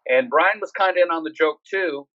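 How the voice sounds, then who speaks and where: Higher-voiced man on a dull remote line. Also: fairly quick, background noise. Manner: lively, casual, swearing. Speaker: guest, former squad member. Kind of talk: casual storytelling.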